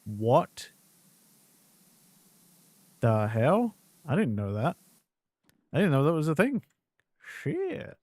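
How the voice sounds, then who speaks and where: A man streaming a game and commenting as he plays, excitable and quick to swear and burst into exclamations. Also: fairly high pitch, no echo, studio quality. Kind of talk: gameplay commentary.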